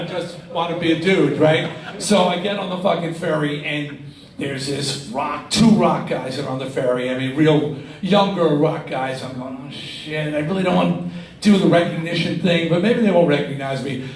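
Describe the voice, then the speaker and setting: A man's voice: fairly high pitch, moderate pace. Profane storytelling man in his sixties. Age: 60s. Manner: animated, swearing, laughing while telling stories. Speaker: guest on stage. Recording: echoey, distant live-room sound with faint noise.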